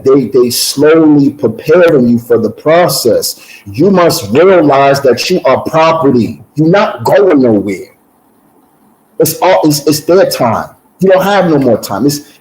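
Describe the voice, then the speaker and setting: A man's voice: mid-range voice, darkish tone, poor audio. A man giving a personal testimony in casual conversation, telling his story with repeated words and acted-out voices.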